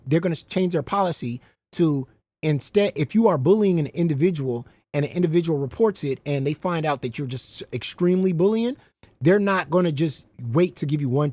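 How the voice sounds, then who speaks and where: A man's voice: a little high, normal speed, a little mellow, dry recording. A man hosting a casual livestream, rambling, swearing freely and breaking into laughter often. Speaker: livestream host.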